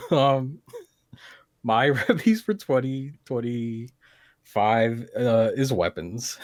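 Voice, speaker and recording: A man's voice: medium pitch, animated, very slow, no room sound. Man, podcast co-host, casual, hesitant, dry room sound. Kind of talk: casual chat.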